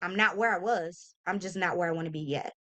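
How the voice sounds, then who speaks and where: A woman in her thirties, her voice on the low side, fairly quick and a bit bright, gives an earnest, heartfelt motivational talk to camera as a vlogger. Casual and emphatic, she uses slang and fillers and often checks in with listeners, addressing them directly with "y'all" and "okay?"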